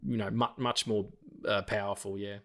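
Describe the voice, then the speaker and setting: Animated man talking films. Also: on the low side. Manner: animated, swearing, acts out lines in quick impressions. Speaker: podcast co-host. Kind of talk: casual film chat.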